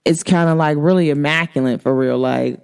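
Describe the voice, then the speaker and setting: A woman's voice: low voice, fairly quick, creaky, a little mellow, clean tone. A woman hosting an astrology show, talking casually and emphatically to her viewers with sassy slang. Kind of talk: casual spiritual talk to viewers.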